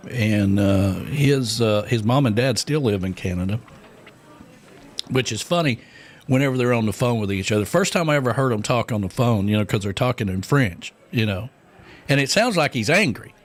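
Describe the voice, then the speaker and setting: A man's voice: mid-range voice, lively intonation, moderate pace. A man, co-hosting a casual radio show and telling rambling stories full of fillers. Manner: rambling storyteller, many fillers and laughs. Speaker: radio co-host.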